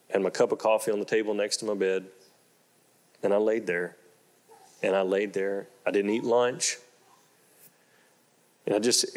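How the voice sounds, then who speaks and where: A middle-aged pastor preaches a sermon, shifting from slow, low storytelling to loud, excited exclamations. He repeats phrases for emphasis.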